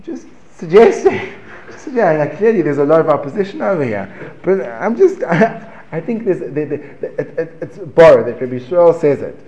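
A man giving a lively Torah class, asking rhetorical questions, breaking off mid-phrase and chuckling as he teaches. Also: a little high, moderate pace, lo-fi sound. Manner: animated, rhetorical questions, self-interrupting and chuckling. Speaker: religious teacher. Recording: echoey room.

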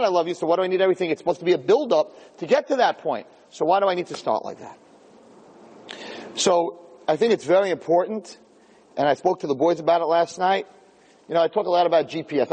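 This Torah class lecturer has a fairly high-pitched voice that carries the sound of a large room. Telling stories with lots of animation, he acts out each scene for his audience in a funny lecture.

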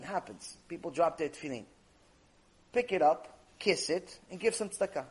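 A man teaching a lecture, telling a story in an animated way and acting out the characters' lines. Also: on the high side, moderate pace, rough recording. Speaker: Torah teacher.

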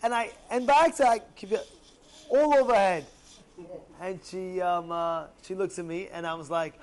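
Young man, religious teacher, high voice, animated storytelling, rhetorical questions. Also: moderate pace. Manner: animated storyteller who acts out angry outbursts; asks listeners rhetorical questions. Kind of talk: classroom Torah lesson.

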